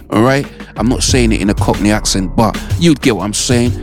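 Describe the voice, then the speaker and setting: A man's voice: fairly low pitch, a little fast, few pauses, faint music behind. A British man hosting a radio show, chatting casually with listeners and often checking in with "all right?". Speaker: radio host.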